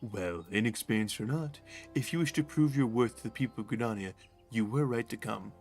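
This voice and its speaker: A man voicing a stern, formal forest guard officer, reading slowly and carefully with a gravelly tone. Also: fairly low pitch, darkish tone, faint music behind, lightly acted. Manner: slow, measured, formal reading.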